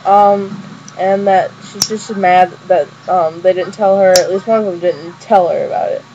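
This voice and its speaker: Young woman, excited fan, rambling casual review, many ums, dull webcam audio. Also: fairly low pitch, normal speed, noisy background.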